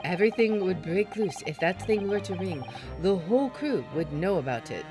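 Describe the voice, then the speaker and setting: A woman voicing a polite, measured male professor who assists a detective. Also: lowish voice, lively intonation, over music, natural voice.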